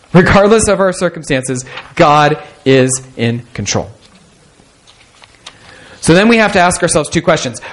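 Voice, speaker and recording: A male pastor delivering a sermon, reading scripture aloud and explaining it with emphatic asides, slowing down to stress key phrases. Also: fairly high pitch.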